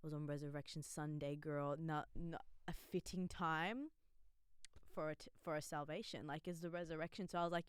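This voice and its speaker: A young woman speaks in a casual vlog, open and chatty, and fills her talk with "like". Her voice is low and strikingly smooth. The sound is dry and close, with no room echo. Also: fairly even intonation, moderate pace. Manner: chatty and candid, many "like" fillers, laughs easily. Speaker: vlogger sharing her faith story. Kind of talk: casual spoken testimony.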